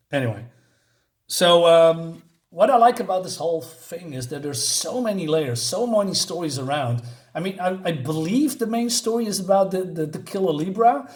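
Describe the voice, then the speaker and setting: A man reviewing a comic book in casual talk, often laughing and halting with fillers as he reads the dialogue aloud. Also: high voice.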